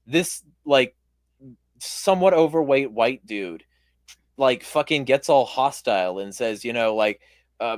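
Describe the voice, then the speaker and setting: A man with a hoarse voice, hosting a casual interview and telling a rambling, profane story with lots of fillers. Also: mid-range voice, expressive, moderate pace, no echo, clean studio sound. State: hoarse voice from shouting. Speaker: podcast host.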